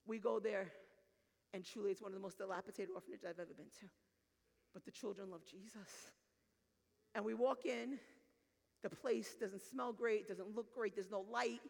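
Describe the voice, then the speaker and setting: A woman's voice: fairly high pitch, creaky, in a large hall. A woman pastor preaching a sermon, telling a story and acting out the voices in it, then building to fervent calls to her listeners. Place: church sanctuary.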